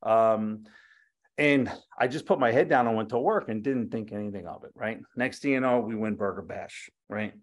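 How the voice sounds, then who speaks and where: Animated storytelling chef, a man. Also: lowish voice, moderate pace. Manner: animated, acts out quoted dialogue, swears casually. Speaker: chef and restaurateur being interviewed. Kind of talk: casual storytelling interview.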